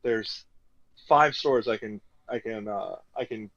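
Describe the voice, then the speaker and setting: A man's voice: on the low side, slow, gravelly, fairly bright tone. Young man, podcast host, rambling casual chat, muffled lo-fi audio. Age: 20s. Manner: rambling, peppers talk with "you know".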